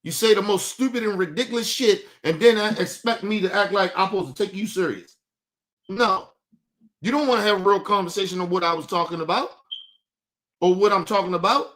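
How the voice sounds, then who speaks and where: A man on a livestream delivers a combative, profanity-laced rant at his chat. His voice sits high for a man, and he circles back over his own words as he argues. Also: fairly quick, fairly bright tone. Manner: combative, profane, repeats himself. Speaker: livestream host.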